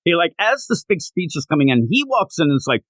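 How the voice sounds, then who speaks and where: A man co-hosting a podcast, talking casually and animatedly about comic books, often slipping into quick mocking quotes of characters. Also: fairly high pitch, sing-song, fairly bright tone, no echo, poor audio. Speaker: podcast co-host. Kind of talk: casual comic book discussion.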